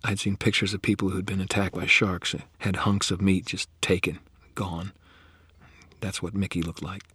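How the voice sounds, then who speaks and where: Very deep husky male narrator. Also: little pitch movement, normal speed, dry recording. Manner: grave, often dropping to a hushed whisper. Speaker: audiobook narrator. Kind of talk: first-person fiction narration.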